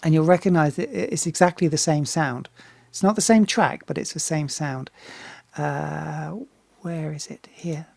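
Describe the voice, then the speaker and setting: A woman's voice: sits low, a little slow, gravelly, darkish tone, no room sound. A woman singer talking casually as she reacts to a music video, often restarting and repeating words, swearing freely and getting enthusiastic.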